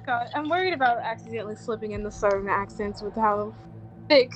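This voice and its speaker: Bubbly, higher-voiced woman player. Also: fairly quick, faint music behind. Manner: bubbly, laughing, chatty. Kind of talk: casual chat at a tabletop game.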